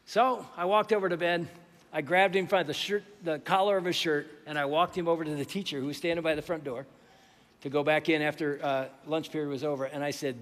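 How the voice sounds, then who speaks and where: A man's voice: fairly high pitch, normal speed, a bit bright. A man preaching a sermon as pastor, telling a story animatedly and acting out the voices in it. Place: large church hall. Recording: reverberant hall.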